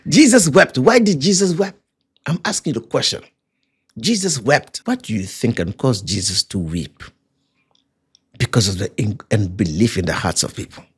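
Husky guy leading bible study, pitch jumps all over when he acts out quotes. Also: animated, normal speed. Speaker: preacher.

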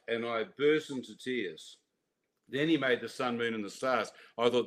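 A man telling his personal faith testimony in an animated way, acting out voices and laughing at his own story. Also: medium pitch, normal speed.

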